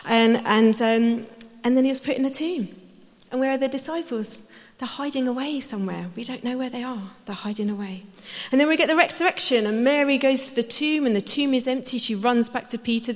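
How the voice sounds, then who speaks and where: Woman preacher, higher voice, animated storyteller, long hall echo. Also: a little fast. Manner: lively storytelling, acting out voices. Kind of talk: sermon. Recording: hall reverb.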